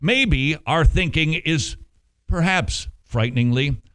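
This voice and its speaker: A man preaching a sermon, animated, with rhetorical questions and playful asides. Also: on the high side, takes it slowly, smooth. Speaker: pastor.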